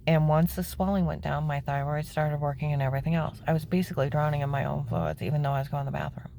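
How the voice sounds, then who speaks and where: Woman, lowish voice, candid personal testimony, emphatic and indignant, tosses in "okay?" asides. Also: fairly even intonation, fast talker, vocal fry, warm tone, a little hiss or hum. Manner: emphatic and indignant, voice climbing high when upset; plain-spoken, with frequent "okay?" asides. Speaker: storyteller recounting her own life.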